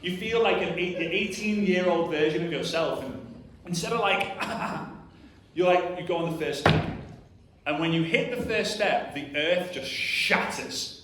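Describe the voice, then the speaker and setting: Before an audience in a large hall, a conference speaker in his thirties talks at normal speed in a slightly high voice. His motivational delivery is earnest and emphatic, full of "like" and little performed voices. Background noise mixes with the echo of a distant mic.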